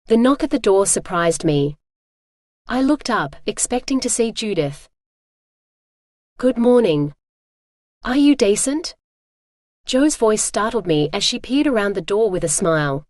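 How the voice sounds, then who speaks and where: Synthetic female audiobook narrator, even steady read, dry close sound. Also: medium pitch, moderate pace, dry recording. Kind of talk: scripted first-person audiobook narration.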